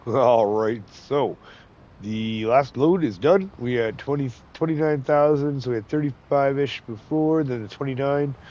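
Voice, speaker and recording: A man's voice: medium pitch, unhurried, warm tone. Congested man chatting over gameplay. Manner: chatty, folksy, chuckles often. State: congested, nasal from a cold. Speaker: gaming channel host. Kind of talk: casual gameplay commentary.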